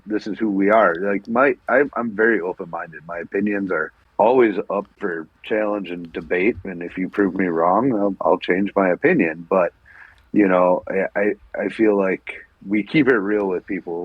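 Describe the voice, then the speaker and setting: A man's voice: low voice, husky, no room sound. A man co-hosting a podcast, talking candidly in casual chat, often restarting and repeating words. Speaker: podcast co-host. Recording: dull lo-fi sound.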